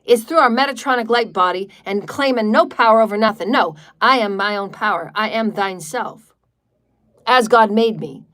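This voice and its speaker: A woman's voice: mid-range voice, moderate pace, fairly bright tone. A woman leading a livestreamed healing meditation in a defiant, declarative way, repeating chant-like lines and swearing freely. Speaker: spiritual meditation leader.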